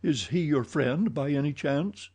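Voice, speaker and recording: Audiobook role: a man doing an urgent young aristocrat, higher and louder than the reader's own voice, mellow tone. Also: expressive, a little slow, slightly rough, exaggerated voice. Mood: impatient. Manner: urgent, pleading, raised voice. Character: young nobleman, frantic and impassioned.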